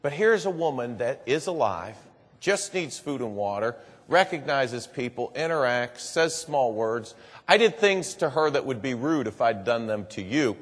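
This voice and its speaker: A man's voice: medium pitch, animated, a little slow. Earnest man speaking in a reverberant hall. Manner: earnest storytelling, repeats "and boy". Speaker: public speaker. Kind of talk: speech to a live audience.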